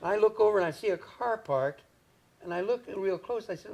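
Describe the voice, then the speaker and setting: A man's voice: sits high, expressive, moderate pace, a little mellow. A man in his seventies from Indiana, a comedian telling folksy stories in an interview, chuckling and adding "see?" as he goes. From Indiana, USA. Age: 70s. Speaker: comedian guest. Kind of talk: anecdotal storytelling in an interview.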